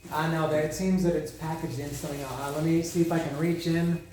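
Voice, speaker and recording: A man casually talking through an unboxing of records, rambling and excitable, swearing freely and restarting his sentences. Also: on the high side, fast, reverberant, a little hiss or hum. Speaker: vinyl record vlogger. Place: lives in Mexico.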